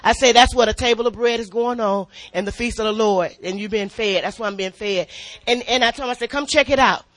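Animated middle-aged woman preaching, forceful. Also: fairly high pitch, fast talker, no room sound. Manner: animated, laughs often, repeats words. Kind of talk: spirited church testimony and sermon.

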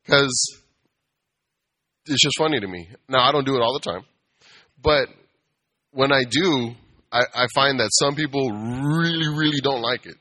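Man, casual sermon, bright voice, conversational, playful. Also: mid-range voice, normal speed. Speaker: preacher.

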